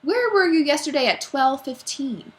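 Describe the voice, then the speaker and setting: A woman voicing a gruff, suspicious male school principal who barks his questions loudly in a storybook reading. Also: sits high, lively intonation, normal speed, pitched above the performer's own voice. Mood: interrogating. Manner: barking, loud interrogating.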